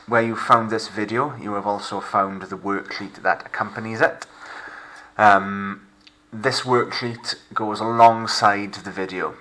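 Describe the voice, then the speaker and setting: A man with a Welsh accent teaching a recorded remote lesson, modelling words slowly and clearly for students to repeat. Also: lowish voice, sharp tone. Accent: Welsh English.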